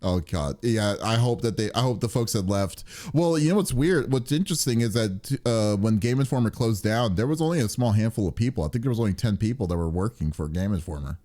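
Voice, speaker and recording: A man's voice: lowish voice, expressive, fairly quick, hardly any pauses, dark tone. A man co-hosting a casual gaming podcast who rambles, restarting sentences often with lots of filler. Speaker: podcast co-host.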